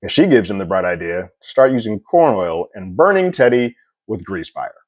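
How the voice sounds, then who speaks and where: Lower-voiced man recapping a TV episode. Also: no room sound. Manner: animated, chuckles often, slips into quick impressions. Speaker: TV episode reviewer. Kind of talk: casual recap commentary.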